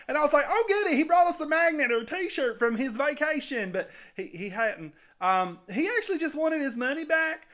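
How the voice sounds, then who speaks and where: A man's voice: very high voice, a bit bright. A man playing a nervous, rambling servant who tells his tale in a comic skit.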